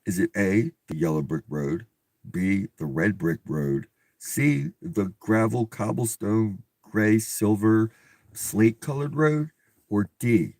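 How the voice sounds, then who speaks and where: A man with a low, husky voice reads a storybook aloud, swearing and scoffing between passages. The sound is dry and close, with no room around it. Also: lively intonation, slow pace, darkish tone, no echo. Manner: profane, incredulous outbursts. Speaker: reader and commentator. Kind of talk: comedic read-aloud with commentary.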